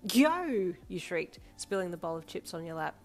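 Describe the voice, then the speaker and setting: A woman narrating a second-person fan fiction story in a steady storytelling voice. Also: low-pitched, a little fast. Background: soft backing music.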